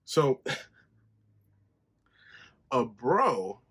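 A man hosting a podcast, telling a personal story in a casual, profane monologue and acting out quoted conversations in a higher voice. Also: big pitch swings, extremely slow, fairly bright tone, breathy edge. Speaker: podcast host.

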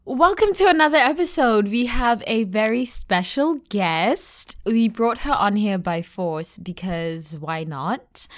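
A woman hosting a podcast, chatting casually and teasing her guest. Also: medium pitch. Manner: playful, teasing. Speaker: podcast host. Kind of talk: casual chat.

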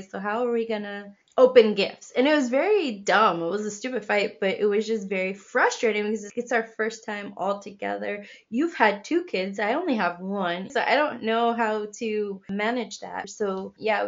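A woman with a mid-range voice chats easily as a podcast co-host and laughs often. She grows animated as she tells her stories. The recording sounds dull and lo-fi. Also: medium pitch, vocal fry. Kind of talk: casual chat.

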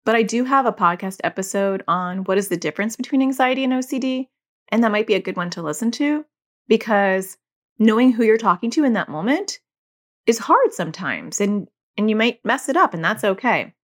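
Chatty woman podcast host. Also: a little high. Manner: chatty, candid, acts out quoted dialogue with family. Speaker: podcast host and anxiety educator. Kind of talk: casual solo podcast talk.

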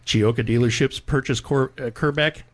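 A man's voice: mid-range voice, steady tone, normal speed. A man hosts a car-news podcast, reading headlines in a mid-range voice. He keeps breaking into laughter as he reads, and his tone stays casual and jokey. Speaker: podcast host.

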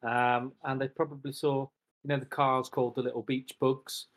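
A man's voice: mid-range voice, little pitch movement, moderate pace. A man with a mid-range voice improvises a silly explanation on a podcast. His tone is playful and loosely reasoned. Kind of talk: casual comedic chat.

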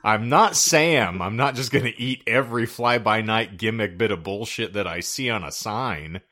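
A man co-hosting a podcast in casual comedic chat, animated and wry with crude jokes. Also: on the low side, normal speed. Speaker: podcast co-host.

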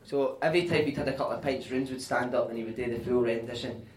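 A Scottish man telling animated, sweary anecdotes on stage at a live podcast show, often laughing as he talks. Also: medium pitch, quick pace. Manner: animated, sweary, laughing through his stories. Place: live venue with audience. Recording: echoey room, mic at a distance.

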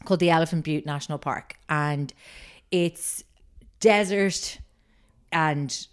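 A woman's voice: low-pitched, slow pace, clean tone. A woman co-hosting a podcast, telling a story in a rambling casual way with many fillers. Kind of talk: casual chat.

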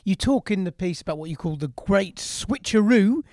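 Podcast host guy, bit higher voice, gravelly, dry sound, pushes with questions. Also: moderate pace, no echo. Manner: probing questions, lively inflection. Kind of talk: podcast interview.

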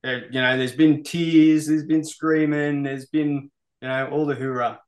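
With a fairly high voice, flat delivery and measured pace, an Australian metal band musician guests in a casual interview. He's laid-back and sweary, using "mate" frequently.

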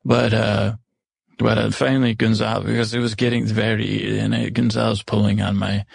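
A man playing Agatha, a gravelly old stepmother. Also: on the low side, level tone, no echo, full character voice. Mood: rambling. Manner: rambling, halting and self-correcting. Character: Agatha, older stepmother, once cruel, now remorseful. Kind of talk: improvised first-person storytelling.

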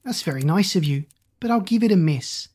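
A reader voicing a cheeky young boy who answers monsters in a chirpy, higher voice. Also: animated, a little fast, a little mellow, husky.

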